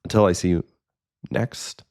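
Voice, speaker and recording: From his personal recording studio, a course instructor chats solo with his viewers in an earnest, casual way. He rambles, using many fillers and starting over often, and his unhurried voice has a slightly mellow quality.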